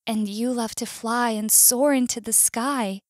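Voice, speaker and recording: A woman with an American accent voicing a gentle, loving female whale in a storybook, earnest and playful. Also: on the high side, fairly even intonation, a little slow, no room sound, studio quality. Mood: tender. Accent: US English.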